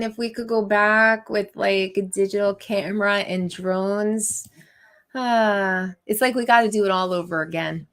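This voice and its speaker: A woman's voice: medium pitch, a bit bright. A woman hosting a live stream, chatting casually with viewers and laughing often. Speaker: livestream host. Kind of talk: casual live chat reading viewer comments.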